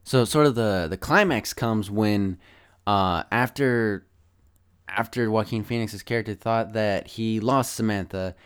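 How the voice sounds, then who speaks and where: A man's voice: lowish voice, unhurried, clean tone. A man casually recapping a film, rambling and thinking aloud as he goes. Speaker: film reviewer.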